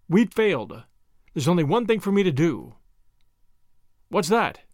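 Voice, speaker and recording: A man's voice: sits high, a bit bright, dry recording, studio quality. A man reading an audiobook, voicing a young Englishman who is earnest and shaken, in a clipped, earnest way.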